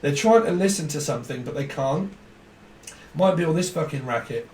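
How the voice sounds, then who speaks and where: A man's voice: fairly high pitch, lively intonation, moderate pace, darkish tone, slight background noise. A man giving a casual tarot reading, rambling, laughing often and swearing freely. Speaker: tarot reader. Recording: echoey room, mic at a distance.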